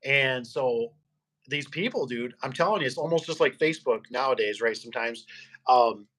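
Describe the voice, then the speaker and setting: A man's voice: mid-range voice, expressive, normal speed, fairly bright tone. A man, a garage door business owner, chatting casually and rambling through stories while acting out the people he quotes. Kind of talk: casual podcast chat.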